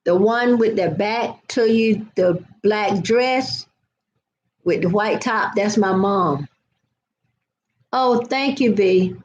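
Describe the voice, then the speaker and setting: A woman's voice: medium pitch, a little mellow. An older woman hosting a casual vlog, telling a meandering story and talking straight to her live viewers. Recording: dull lo-fi sound with faint noise.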